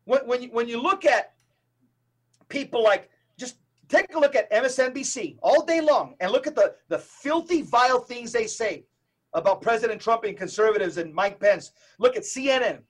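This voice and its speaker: Middle-aged guy on a podcast, really high voice, preachy and emphatic, piles up lists. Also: lively intonation, a bit bright. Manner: emphatic, rapid lists and repetitions. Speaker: guest, Catholic evangelist.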